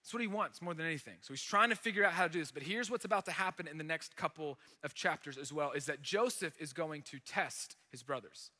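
A man preaching in a large church hall, his voice high and strikingly bright. He tells the story in an animated, conversational way, leaning hard on dramatic moments, while a long reverb trails after each phrase. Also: fast talker, hardly any pauses. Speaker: pastor. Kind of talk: sermon.

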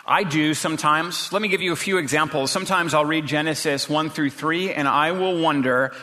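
A man's voice: a little high, normal speed, few pauses, sharp tone, in a large hall. A man preaching a sermon as pastor, earnest and full of rhetorical questions.

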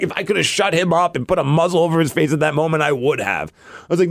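A man co-hosting a podcast in casual chat, an animated storyteller who acts out the people he quotes. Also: fairly high pitch, fast talker, gravelly, dry recording, studio quality. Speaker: podcast co-host.

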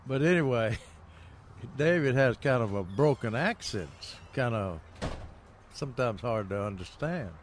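A man's voice: mid-range voice, lively intonation, unhurried, slight background noise. An older man co-hosting a gardening radio show, telling rambling stories with lots of fillers and chuckles. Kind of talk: casual radio chat.

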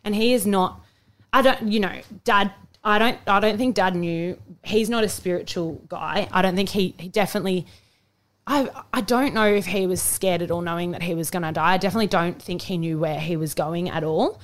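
A woman's voice: on the low side, a little fast. A young adult woman with an Australian accent, co-hosting a podcast and talking casually and emotionally, with many restarts and fillers. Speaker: podcast co-host. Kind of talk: casual chat.

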